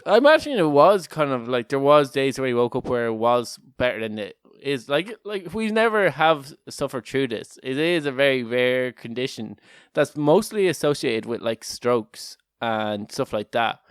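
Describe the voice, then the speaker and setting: A man's voice: medium pitch, expressive, normal speed, smooth, no room sound, studio quality. A man co-hosting a casual podcast chat, rambling, restarting often and laughing a lot. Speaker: podcast co-host.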